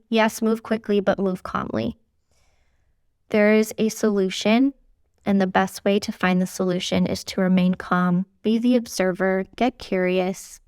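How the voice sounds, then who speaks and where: A woman podcast host and business coach talking casually on her own, candid and swearing freely, slowing down and speeding up as she talks. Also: mid-range voice, clean tone, dry recording, studio quality. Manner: lively delivery that swings from fast bursts to slow, stretched phrases. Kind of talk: casual solo podcast talk.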